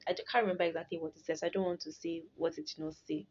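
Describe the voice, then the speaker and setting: A young woman tells a personal faith story in a casual, animated way. She laughs and restarts often as she talks. The recording is dull and lo-fi. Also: lowish voice, racing, husky. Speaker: storyteller sharing a testimony.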